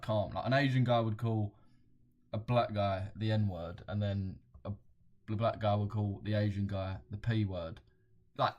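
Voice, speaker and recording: A young man hosting a casual livestream, blunt and slangy, swearing freely and chuckling as he reads viewer comments aloud. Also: lowish voice. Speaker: trading livestream host.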